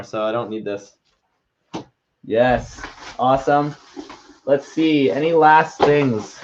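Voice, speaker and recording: A young male vlogger with a higher voice chats playfully in a casual vlog and reads his own writing aloud. The recording is a bit dull and lo-fi, with slight background noise.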